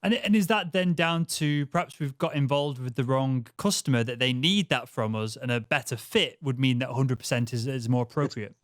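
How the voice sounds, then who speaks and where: A man's voice: mid-range voice, a little fast, hardly any pauses, fairly bright tone, no room sound. Chatty Northern English man, dry sound. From England. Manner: chatty, self-deprecating, long winding questions. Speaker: podcast host. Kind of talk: casual interview chat.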